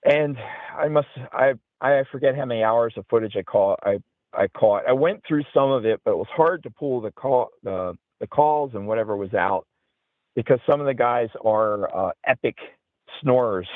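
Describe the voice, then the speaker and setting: With a mid-range voice at an ordinary pace, a man recounts a story as an interview guest, drifting along and saying "you know" constantly. He's an outdoorsman and paranormal investigator, captured dry on a tinny, phone-like line.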